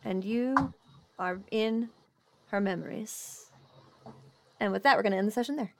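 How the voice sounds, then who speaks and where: A woman game master narrating a streamed tabletop game, animated and quick when signing off. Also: medium pitch, creaky, noisy background. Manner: animated, quick sign-off with laughter.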